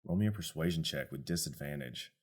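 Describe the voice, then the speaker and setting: A man narrating as game master of a tabletop game, relaxed and descriptive. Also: rumbling low, fairly quick.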